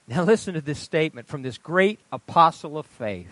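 Impassioned high-pitched preacher man. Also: expressive, brisk, hardly any pauses, dry recording. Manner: impassioned storytelling, swinging from loud high outbursts to hushed low asides. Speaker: pastor. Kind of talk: sermon.

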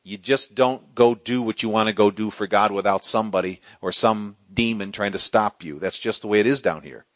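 A middle-aged man preaching a sermon, swinging from loud, soaring exclamations to quiet storytelling. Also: on the low side, fairly quick, few pauses, dry recording.

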